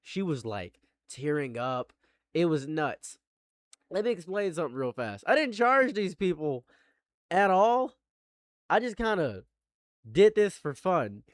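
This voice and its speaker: A man's voice: a little high, big pitch swings, unhurried, pauses often, no room sound, studio quality. A man hosting casual commentary, talking loosely and boastfully and swearing freely. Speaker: commentary host.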